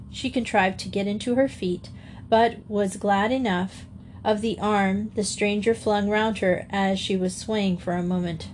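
A woman reading a classic children's novel aloud as an audiobook narrator, in a steady storytelling manner. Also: mid-range voice, measured pace, slight background noise. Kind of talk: scripted narration.

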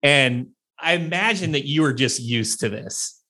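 A man hosting a podcast, chatting and telling stories in an animated way. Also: medium pitch, measured pace. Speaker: podcast host; CEO, business owner. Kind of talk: conversational podcast interview.

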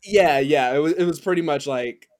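A man's voice: on the high side, moderate pace, darkish tone, no echo, clean studio sound. A man guesting on a podcast in casual chat, rambling and hesitant with many restarts.

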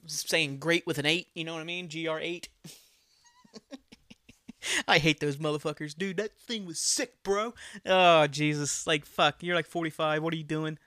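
A man's voice: on the high side, flat delivery, normal speed, pauses often, sharp tone, no echo, clean studio sound. A man hosting a casual solo podcast, ranting bluntly with lots of swearing and laughing at his own jokes. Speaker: podcast host.

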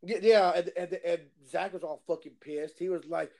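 Man, high pitch, animated, profane casual storytelling. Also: normal speed, creaky. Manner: animated, swearing, acts out voices in his stories.

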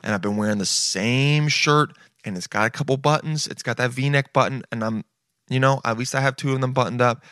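Speaking a little fast in a mid-range, slightly bright voice, a man in his late twenties does relaxed reaction commentary, swearing a lot and dropping "dude" nonstop. The studio recording is clean with no room sound, though music plays in the background.

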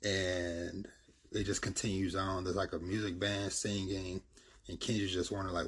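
A man's voice: low voice, flat delivery, moderate pace. A man casually retelling a comic's plot in a rambling, filler-heavy way.

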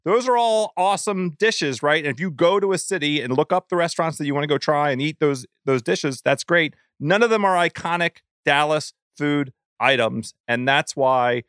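A man hosts a casual food podcast in a smooth, clear voice that sits a little high. He talks in an animated way, laughing often and tripping over restarts. The sound is dry and close. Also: moderate pace, hardly any pauses, no echo. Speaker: podcast host.

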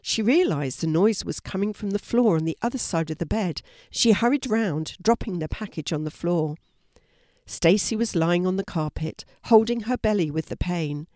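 An older woman reading a children's story aloud, calm and clear. Her voice sits low and gentle. The recording is dry and close. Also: normal speed, dry recording.

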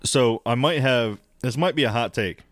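A man chatting on a podcast, his voice sitting at an ordinary middle pitch and captured close and dry with no room sound. He rambles, swears freely and gets animated as he lays out his theories. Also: moderate pace, dry recording. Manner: rambling, profane, animated storytelling. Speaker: podcast co-host. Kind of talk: casual chat.

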